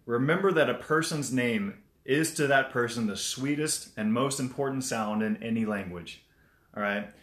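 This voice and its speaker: A man's voice: mid-range voice, a bit bright. A man hosts a casual live stream full of friendly tips. He talks in a mid-range voice, greets viewers by name and loops back over his points. The room gives his voice a noticeable echo. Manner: chatty, repeats himself, greets viewers. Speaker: motivational livestream host. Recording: roomy echo.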